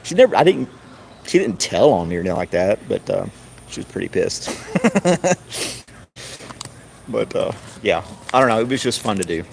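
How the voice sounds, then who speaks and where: Low-voiced man telling stories with noise behind. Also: very animated, moderate pace, gravelly, pauses often. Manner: chuckling, rambling, mimics others in a high voice. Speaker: streamer. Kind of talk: casual storytelling. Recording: noisy background.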